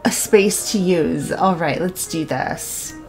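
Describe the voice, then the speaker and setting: Brief: female gaming host, unhurried, bubbly and giggly, casual let's-play chat, faint music under the voice. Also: lowish voice. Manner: bubbly, giggly, easily excited.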